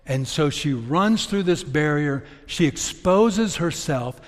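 Slow-talking man preaching a sermon. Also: on the high side, expressive. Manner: slow, conversational storytelling preaching. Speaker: pastor. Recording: long reverb of a church hall.

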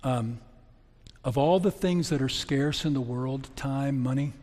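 A man's voice: medium pitch, measured pace, darkish tone. A middle-aged man preaching a sermon as pastor, in a conversational storytelling way. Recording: long reverb of a church hall.

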